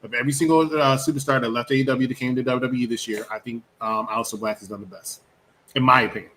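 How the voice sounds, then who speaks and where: A man's voice: medium pitch, quick pace. A man co-hosting a wrestling review show, rambling and joking in casual chat, with a faint hum of background noise. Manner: rambling, animated, jokey with mocking impressions.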